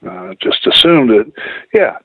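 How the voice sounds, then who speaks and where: A man's voice: medium pitch, big pitch swings, normal speed, slightly rough, no room sound. A man telling personal stories in a rambling, profane, casual way, full of "you know"s. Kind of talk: casual storytelling. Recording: dull lo-fi radio sound.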